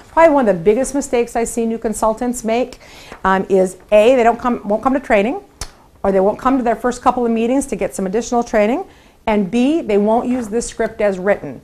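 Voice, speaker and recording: A middle-aged woman with a fairly high voice leads a training session for new sales consultants. She is upbeat and encouraging, and she slips into lively voices to act out sample phone calls. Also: fast talker. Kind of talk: training talk to camera.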